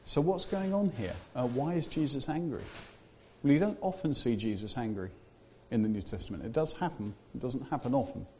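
A man preaching in a church with a mellow, dark voice, easygoing and conversational, full of little asides. The sound is a bit dull and lo-fi. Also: mid-range voice, lively intonation, brisk, a little hiss or hum. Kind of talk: sermon.

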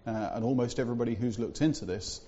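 A man's voice: medium pitch, fast talker, dark tone, lo-fi sound, slight background noise. A man preaching a sermon in a church, talking in a conversational way with fillers and asides.

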